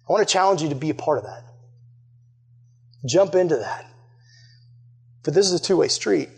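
Earnest high-voiced youth preacher, a man. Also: expressive, fairly quick, vocal fry, long pauses, darkish tone, breathy edge. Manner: earnest, conversational, with many fillers. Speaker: youth pastor. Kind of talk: sermon.

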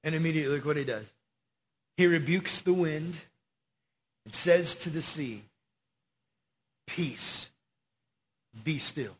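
A man preaching a casual sermon to young people, slangy and animated as he tells the story. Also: on the high side, moderate pace, pauses often.

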